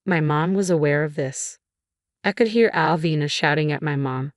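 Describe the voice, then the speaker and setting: A woman reading a first-person drama story aloud in an even, measured scripted narration. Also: sits low, no echo, studio quality.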